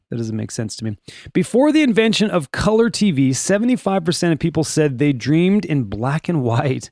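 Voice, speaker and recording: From a room at home, a man hosts a casual daily podcast, reading items, rambling through wry asides, and stumbling over names. His voice is on the high side with a darkish tone, recorded in clean studio sound without echo.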